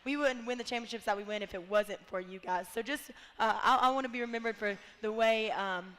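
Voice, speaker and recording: A woman's voice: a little high, a little fast, a bit bright, big-room sound. A young woman basketball player speaking heartfeltly in a casual radio interview, close to tears at times. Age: young adult. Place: bar and grill.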